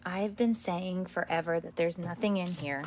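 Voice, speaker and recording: A woman's voice: on the low side, moderate pace. A woman talking casually to her phone camera in her yard as a parenting vlogger, chatting and exclaiming at her dog. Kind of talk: casual vlog chat. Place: outdoors at home, yard.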